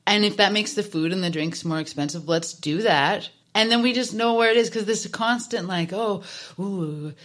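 A woman's voice: medium pitch, a little fast, hardly any pauses, fairly bright tone. A woman chatting casually and animatedly, asking questions and using lots of "like". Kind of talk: casual chat.

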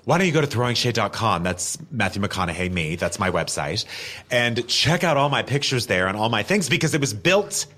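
A man's voice: fairly low pitch, very animated, a little fast, bright, forceful tone, exaggerated voice. A man doing an impression of a laid-back Texan male movie star in a parody ad, with a drawling, self-absorbed and goofy manner. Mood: smug drawl. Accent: imitated Texan drawl. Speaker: ad spokesman in a comedy podcast. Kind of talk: comedic parody ad read.

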